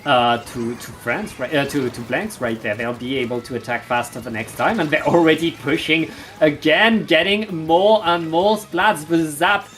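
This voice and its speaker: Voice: mid-range voice, moderate pace, hardly any pauses, a bit bright, slight background noise. An esports co-caster giving color commentary, speaking hesitantly with frequent fillers and restarts.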